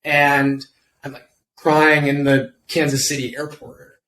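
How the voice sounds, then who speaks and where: A man's voice: fairly high pitch, level tone, takes it slowly, fairly bright tone. A young man, a guest in an interview, casually telling a personal story in a laid-back, slangy way full of fillers. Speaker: interview guest, former football kicker. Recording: roomy with faint background noise.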